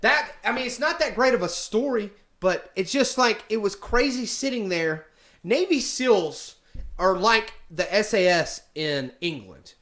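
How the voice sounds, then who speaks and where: A man's voice: high-pitched, animated, measured pace, fairly bright tone. A man casually telling a story, rambling with many fillers and restarts. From United States. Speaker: vlogger.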